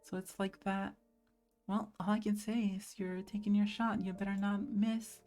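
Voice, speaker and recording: A blunt, hurt teenage schoolgirl who doesn't hold back her swearing, read out by a woman in her own middle-pitched voice. She speaks like she's confronting her oldest friend. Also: level tone, normal speed, darkish tone, faint music behind, natural voice. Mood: cold.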